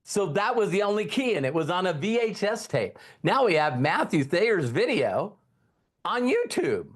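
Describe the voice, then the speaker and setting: With a high voice at normal speed, a network marketing trainer in his fifties delivers an energetic motivational talk. He repeats key lines and quizzes his audience as he goes.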